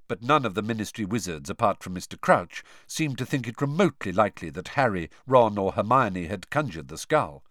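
A man narrating a story in a dramatic, expressive reading. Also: fairly low pitch, fairly quick, few pauses, no room sound, clean studio sound. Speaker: audiobook narrator. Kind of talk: scripted narration.

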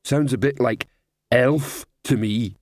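A man voicing a slow, simple-speaking male troll drummer who talks ungrammatically, in an audiobook. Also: medium pitch, no room sound, studio quality, natural voice. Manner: ungrammatical, plain-spoken.

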